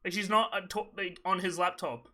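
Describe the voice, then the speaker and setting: A young man hosting a casual gaming podcast, his voice high and piercingly bright. He rants with plenty of swearing and mockery and breaks into laughter often. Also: steady tone, normal speed. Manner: profane, mocking, laughs often. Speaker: podcast host.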